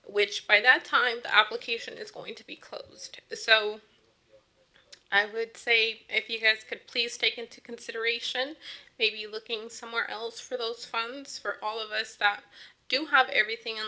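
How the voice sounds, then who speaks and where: A woman speaks into a podium microphone in a city council chamber. Her voice is bright and clear, but her delivery is halting and full of ums, and it strains as she fights back tears. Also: a little high. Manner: earnest, halting with many ums, grows emotional. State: tearful, voice straining. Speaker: local business owner giving public comment. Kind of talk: public comment at a council meeting.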